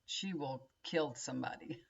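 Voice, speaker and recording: A woman's voice: rumbling low, a little slow, gravelly, husky, muffled recording. Chatty woman, rambling home vlog. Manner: chatty, folksy, addresses viewers as y'all, frequent laughs and asides. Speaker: tarot reader and vlogger. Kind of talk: rambling casual chat to viewers.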